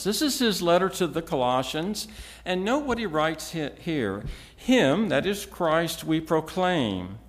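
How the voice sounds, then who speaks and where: Male preacher, unhurried delivery, expressive rising and falling pitch, emphatic teaching. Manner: measured, emphatic teaching with frequent restarts. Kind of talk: expository sermon.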